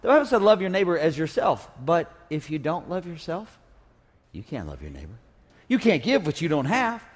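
A man's voice: on the high side, huge pitch swings, moderate pace, husky. A man preaching a sermon as pastor, joking and drawing call-and-response from his congregation. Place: church sanctuary. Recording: long reverb of a church hall.

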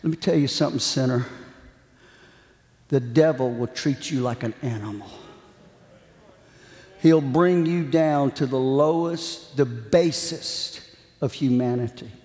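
Slow, fervent preacher in an echoing hall. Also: male voice, mid-range voice, a little mellow. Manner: storytelling that builds to fervent preaching. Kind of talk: sermon. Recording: echoey hall with long reverb.

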